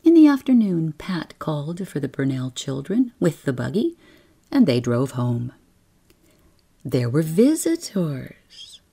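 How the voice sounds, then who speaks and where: A woman narrating a bedtime story in a soft, slow, often whispered manner, with a husky, creaky voice. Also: low-pitched.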